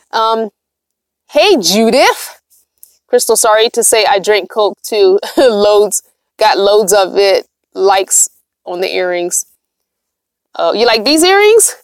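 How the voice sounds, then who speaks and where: Sitting in her van, a woman who lives there reads livestream chat comments aloud, talking casually and laughing a lot. Her mid-range voice is sing-song and slow with frequent pauses, and the recording is dry.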